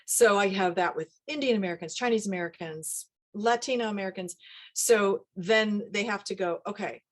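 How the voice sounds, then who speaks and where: A middle-aged woman, a dialect coach, talking casually in an interview with lively asides. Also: mid-range voice. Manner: animated, quick asides, laughs often.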